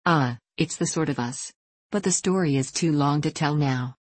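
A woman's voice: low-pitched, normal speed, no room sound. A woman reading the part of a talkative, proud elderly male vicar in a rambling, self-amused way. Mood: genial.

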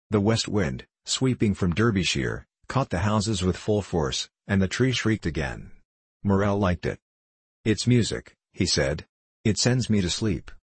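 A man narrating a classic novel in a steady, measured storytelling voice. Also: sits low, slightly rough, no room sound. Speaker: audiobook narrator.

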